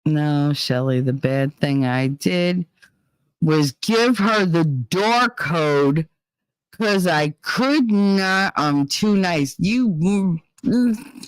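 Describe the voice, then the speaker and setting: A woman's voice: lowish voice, expressive, drawn-out words, clear, resonant tone, dry recording. A woman hosting a casual livestream chat, venting bluntly and swearing heavily as she talks. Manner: profane, heated and blunt. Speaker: livestream host.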